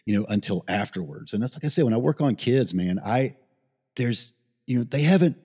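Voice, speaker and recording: A man's voice: medium pitch, big pitch swings, fairly quick, warm tone, slightly rough, big-room sound. A middle-aged man, a paramedic, telling a rambling story in a casual interview, swearing freely and getting emotional. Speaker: paramedic guest.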